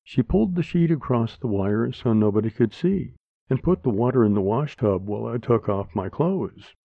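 A man narrating a story aloud in a slow, plain manner. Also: mid-range voice, lively intonation, gravelly, no echo. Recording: dry, tinny phone-like sound.

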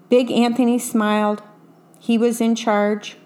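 A woman reading a picture book aloud, pausing to describe the pictures casually. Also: fairly high pitch, fairly even intonation, a little mellow. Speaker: storyteller.

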